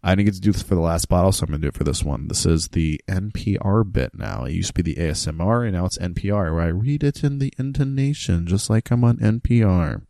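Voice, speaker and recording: A lively, jokey man hosting a casual chat over drinks. His lowish voice swings up and down as he talks, and the sound is close and dry with no room around it. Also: fast talker, few pauses, no room sound. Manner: animated, jokey, slips into mock announcer readings. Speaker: podcast host.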